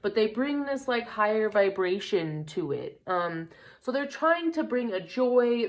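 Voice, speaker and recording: A young woman reading tarot in a casual vlog, rambling and searching for words, with a runny nose. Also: medium pitch. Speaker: tarot card reader. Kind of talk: casual spiritual vlog talk.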